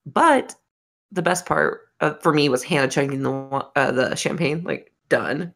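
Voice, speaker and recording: A woman's voice: deep voice, unhurried. A woman cohosting a podcast in casual chat, swearing freely, laughing often and rambling in asides. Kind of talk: casual chat recapping a dating show.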